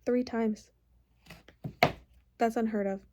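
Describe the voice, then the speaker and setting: A woman's voice: fairly high pitch, steady tone, slow pace, heavy background noise. A young woman book vlogger chatting casually, gushing and emotional, filling her talk with "like". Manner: gushing, emotional, lots of "like" fillers. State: tearful, crying happy tears. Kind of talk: casual vlog chat.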